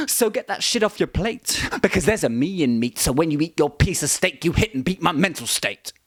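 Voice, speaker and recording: A man performing a spoken word poem with an aggressive, profane, rhythmic rhyming delivery. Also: high voice.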